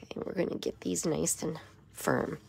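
A hoarse woman with a raspy voice giving a step-by-step papercraft tutorial in her craft studio. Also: low-pitched, steady tone, normal speed, darkish tone. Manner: step-by-step instruction with frequent okays. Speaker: papercraft demonstrator.

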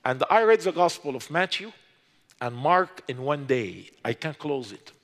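High-voiced Egyptian man preaching in a reverberant hall. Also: lively intonation, a bit bright. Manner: impassioned, rising to urgent exhortation; halting non-native grammar. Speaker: speaker giving his conversion testimony. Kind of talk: preached testimony. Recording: long reverb of a large hall.

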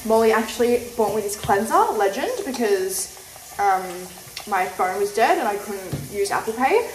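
A woman's voice: medium pitch, moderate pace. A young woman vlogging into her phone in a chatty, casual way, swearing freely. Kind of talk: casual vlog chat. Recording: noisy phone recording.

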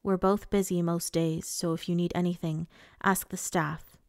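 A woman voicing a stern, weary male fae lord in an audiobook, speaking in clipped, low lines. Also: flat delivery, normal speed, dry recording, clean studio sound, lightly acted. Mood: terse. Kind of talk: audiobook character reading.

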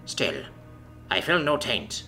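A man voicing an imperious female dragon ruler who speaks in a measured, silky, threatening way. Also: mid-range voice, very animated, pushed and bright, full character voice. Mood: cool menace. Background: faint background music.

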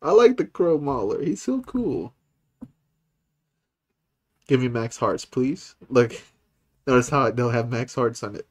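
A man streaming a game who reads its dialogue aloud and breaks into excited, high-pitched reactions. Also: a little slow, pauses often. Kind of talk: casual gaming commentary.

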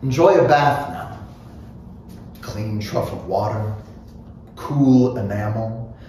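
A man giving an unhurried, expressive reading of a literary novel, musing through inner thoughts. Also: lowish voice, far from the mic. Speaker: reader. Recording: very echoey room, faint noise.

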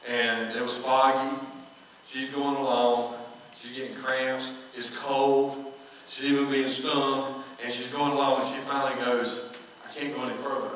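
A man preaches a storytelling sermon, folksy and conversational, slipping into the voices of the people he quotes. His tone is bright and forward. He is picked up from a distance in a church hall with long, ringing reverb. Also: medium pitch, a little hiss or hum. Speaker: pastor. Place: church sanctuary. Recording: echoey hall, from far off.

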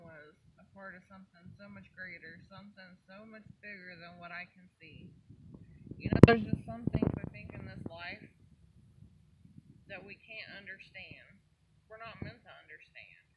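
A woman's voice: mid-range voice, background noise. A grieving mother speaks in an earnest, heartfelt way about faith and loss, her voice rising with emotion. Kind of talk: personal testimony vlog.

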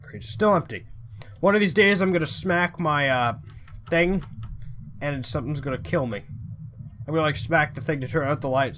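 Dude playing a spooky game, lots of what?? and swearing, pitchy animated voice, faint hiss in the background. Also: male voice, normal speed, long pauses. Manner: confused, rambling, swears often. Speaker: let's play gamer. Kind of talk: horror game commentary.

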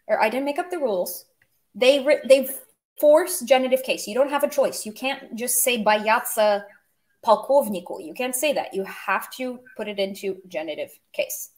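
A woman's voice: fairly high pitch, animated, moderate pace. Chatty woman teaching a language lesson. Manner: chatty, explains with humor and asides. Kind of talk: casual online language lesson.

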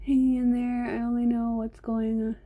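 A woman's voice: a little high, level tone, moderate pace, narrow, tinny audio. A middle-aged woman hosting an art live stream, rambling and chatting straight to her viewers. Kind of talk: casual live-stream chat.

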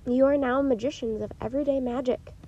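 A woman reading aloud who voices a gentle, wise enchantress in a calm, measured way, softly and a little solemnly. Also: sits high, slightly rough, dull audio.

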